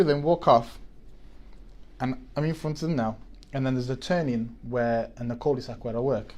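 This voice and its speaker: A man's voice: medium pitch, normal speed, a little mellow. A man, chatting on a podcast and telling a story with many restarts. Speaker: podcast co-host. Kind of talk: casual chat.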